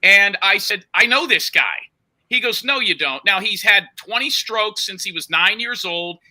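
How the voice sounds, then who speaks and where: A man's voice: high-pitched, lively intonation, moderate pace, sharp tone. A man hosting a podcast, pushing his side of a story during a heated argument and talking over the others. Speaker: podcast host.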